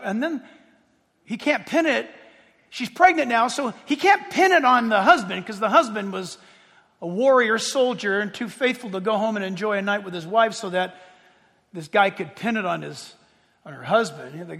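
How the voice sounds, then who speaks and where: A man preaching a sermon as pastor, emphatic and swinging from loud to hushed. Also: high voice. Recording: long hall reverb.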